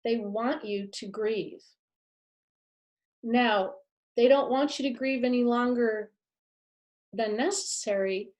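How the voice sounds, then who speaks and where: A woman with a high, somewhat dark-toned voice gives a live masterclass about pets and the afterlife, speaking earnestly and emphatically and often repeating her key phrases.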